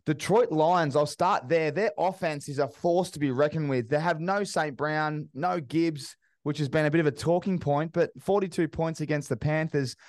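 A man's voice: fairly high pitch, moderate pace, hardly any pauses, no echo, studio quality. An Australian man hosting a casual sports podcast, chatty and upbeat with matey banter. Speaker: podcast host.

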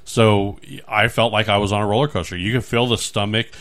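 A man hosting a podcast, chatting casually in a rambling, animated way with many restarts. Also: on the low side, brisk. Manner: rambling, animated, acts out little scenes. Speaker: podcast host. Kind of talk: casual chat.

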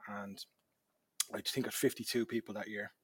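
An Irish man telling a long personal story as a podcast guest, lively, dropping to a murmur at quiet moments. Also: lowish voice, normal speed, husky, no room sound. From Ireland. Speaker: charity hike organizer, guest.

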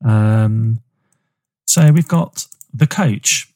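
A man's voice: fairly low pitch, very slow, darkish tone. A man co-hosting a podcast, chatting casually with dry jokes. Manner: joking, dry. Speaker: podcast co-host. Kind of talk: casual chat.

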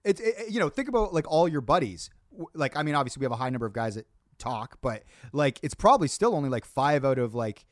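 A man in casual podcast chat, animated and expressive. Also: medium pitch, quick pace, no room sound.

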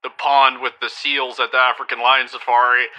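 A man's voice: medium pitch, little pitch movement, fairly quick, bright, forceful tone. A man playing a crude, rambling character on a comedy podcast who phones in with gross stories. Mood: manic. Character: crude loud-mouthed man named Jack.

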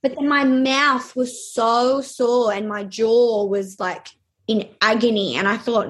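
A young adult woman telling a personal story in a halting way, with many fillers and restarts. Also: a little high, fairly even intonation.

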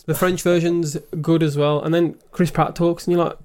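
A man's voice: on the high side, little pitch movement, moderate pace, a little mellow. A man co-hosting a podcast, chatting casually and calling his co-host "mate". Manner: chatty, says "mate" a lot. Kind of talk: casual chat.

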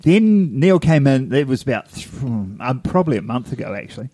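A man's voice: mid-range voice, big pitch swings, normal speed, mellow, slightly rough, dry recording. Chatty New man, dry sound. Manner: chatty, rambling, laughs at himself. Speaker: podcast co-host. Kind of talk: casual chat.

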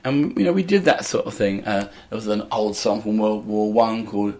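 Older male comedian guest, lowish voice, rambling and anecdotal. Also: moderate pace, hardly any pauses, darkish tone. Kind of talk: casual interview chat.

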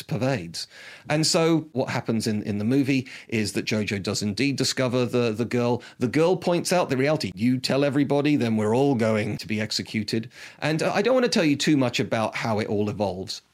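A man talking casually and enthusiastically about films, rambling with frequent restarts. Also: mid-range voice. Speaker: film reviewer. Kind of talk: casual film talk.

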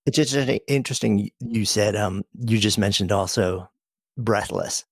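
A man hosting a casual chat, answering in a thoughtful, measured way. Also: fairly low pitch, slightly rough, dry recording, studio quality.

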